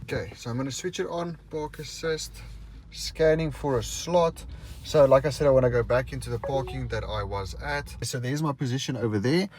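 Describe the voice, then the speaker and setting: A man's voice: mid-range voice, moderate pace, a little mellow, slight background noise. A man, casually talking viewers through a car, thinking aloud as he goes. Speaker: car reviewer. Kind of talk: casual vlog walkthrough. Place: outdoors and inside a car.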